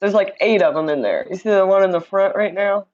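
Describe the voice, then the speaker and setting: Speaking a little fast in a mid-range, slightly mellow voice, a woman from Indiana, USA chats casually on her livestream. She welcomes viewers by name and reads their comments aloud. The audio from her streaming mic has the highs cut off.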